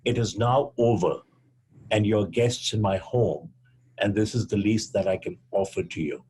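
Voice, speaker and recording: An older man from India, a physician guest on a podcast, telling a story in a measured way and acting out the quoted dialogue. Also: lowish voice, a little mellow, a little hiss or hum.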